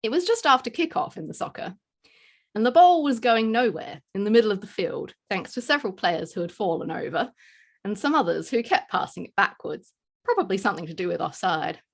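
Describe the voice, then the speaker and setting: Woman narrating a story, lively pitch. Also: fairly quick, vocal fry, slightly rough. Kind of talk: scripted narration.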